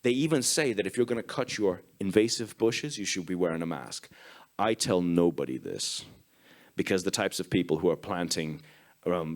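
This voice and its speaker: An Irish man giving a comic conference talk, telling profane, self-mocking anecdotes. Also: low-pitched. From Ireland. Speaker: conference speaker. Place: conference stage.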